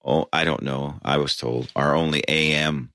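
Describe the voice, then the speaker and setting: Very deep-voiced man reminiscing. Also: fairly even intonation, normal speed, pushed and bright, dry recording, clean studio sound. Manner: rambling, frequent restarts and fillers, laughs. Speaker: band member interviewed. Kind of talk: casual interview storytelling. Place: basement of a tavern.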